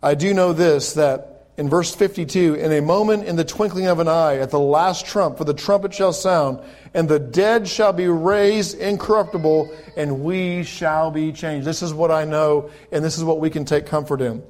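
A male pastor preaching a sermon, reading scripture aloud and then explaining it in conversational asides. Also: a little high. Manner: rises to loud, slow, emphatic preaching when reading scripture; conversational asides between quoted verses.

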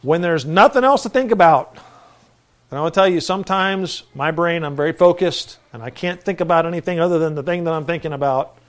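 A man preaching in a conversational style, telling a personal story with lively energy. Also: on the high side, fairly quick.

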